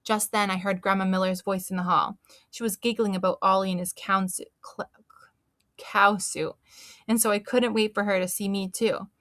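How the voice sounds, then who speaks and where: A woman reading a children's book aloud in an expressive, animated storytelling manner. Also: mid-range voice, moderate pace, dry recording, studio quality.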